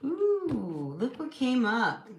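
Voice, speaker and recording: A woman's voice: sits high, extremely slow. Woman doing a casual tarot stream from home, chatty, echoey room, noisy hiss behind her. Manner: chatty and encouraging, many "you know" fillers. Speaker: tarot reader hosting a live stream. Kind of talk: casual live tarot reading. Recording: echoey room with steady noise.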